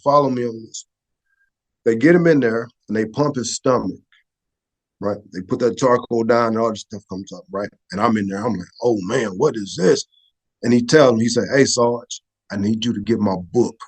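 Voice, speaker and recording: A middle-aged man, a former Air Force photographer, telling a personal story as a podcast guest, conversational and often asking "right?". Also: medium pitch. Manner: conversational, repeats "right?" and restarts words. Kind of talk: emotional storytelling in an interview.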